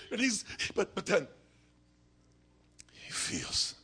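Dramatic storytelling preacher, wildly lively pitch. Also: male voice, takes it slowly, vocal fry, long pauses, breathy edge. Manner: dramatic, swings from shouts to whispers. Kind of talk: sermon storytelling.

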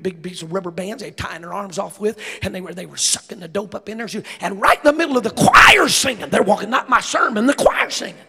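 High, gravelly Southern preacher. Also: male voice. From American South. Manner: animated storytelling, laughing, rising to shouts. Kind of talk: sermon. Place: church sanctuary. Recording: long hall reverb.

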